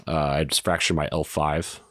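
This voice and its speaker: A man in his thirties, a retired soldier and podcast guest, telling a story in a casual, halting way with lots of fillers and swearing. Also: very deep voice, little pitch movement, sharp tone, no echo, clean studio sound.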